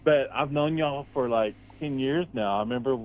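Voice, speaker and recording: A man's voice: mid-range voice, moderate pace. A man from Texas, calling in to chat casually and rambling in a laid-back way. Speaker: caller. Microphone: phone call. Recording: tinny phone line.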